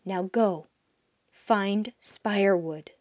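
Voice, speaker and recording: Woman doing a hushed, secretive female demon. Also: drawn-out words, no room sound. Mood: solemn. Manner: low, hushed, often whispered.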